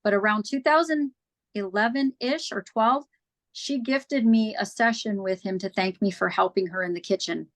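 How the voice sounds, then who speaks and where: A woman in the guest's chair with a voice of ordinary middle pitch. She tells her story candidly and earnestly, slipping into the voices of past conversations as she goes. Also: normal speed. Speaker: interview guest. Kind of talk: casual personal storytelling.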